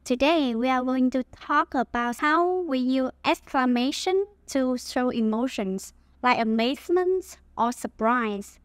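A woman from Huế with a Vietnamese accent, teaching dialect phrases in a scripted language lesson with slow, careful modeling. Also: high-pitched, animated, no room sound.

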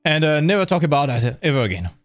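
A man voicing a nervous young male hobbit in a hurried, flustered way. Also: a little high, very animated, no echo, studio quality, faint music behind.

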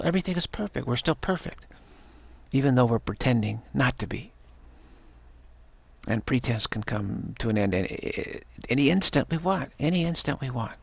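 Older man, spiritual teacher; gravelly, husky, halting delivery, dry close sound. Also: medium pitch, no echo. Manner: repetitive, stammering restarts. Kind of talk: spiritual talk.

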